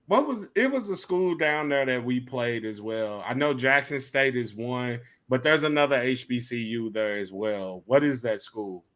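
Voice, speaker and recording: Bright-voiced joking male podcast host. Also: mid-range voice, expressive, normal speed, few pauses. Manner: laid-back, joking, Southern Black American slang. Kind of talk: casual chat.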